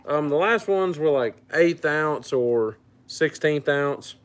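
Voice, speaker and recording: Relaxed man hosting a fishing stream. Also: a little high, takes it slowly, smooth. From Louisiana. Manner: relaxed, reads out and answers viewer comments. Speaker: fishing channel host. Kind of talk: casual livestream chat.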